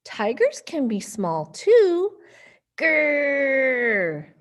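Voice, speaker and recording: A woman's voice: sits high, sing-song, slow pace, heavily acted. A woman reading a stubborn little mouse. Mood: insistent. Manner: proud, insistent. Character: small stubborn mouse insisting he is a tiger. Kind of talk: storybook reading.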